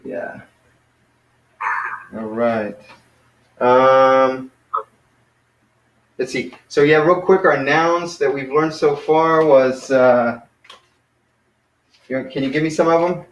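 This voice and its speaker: Man teaching Greek in a roomy room. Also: mid-range voice. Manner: encouraging, patient, drills pronunciation slowly. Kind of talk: casual one-on-one lesson. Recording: roomy, dull lo-fi sound.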